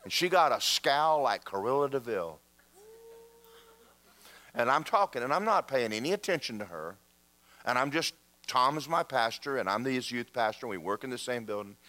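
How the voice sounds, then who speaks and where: A pastor with a mid-range voice preaches a sermon in church at a moderate pace. He tells stories with animation and acts out the voices of the people in them.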